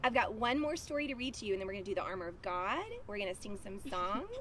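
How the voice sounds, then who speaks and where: A woman hosts a children's morning time. She reads stories aloud and leads the kids in a gentle, cheerful, encouraging way. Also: mid-range voice, quick pace, a little hiss or hum. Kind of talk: reading aloud and leading children.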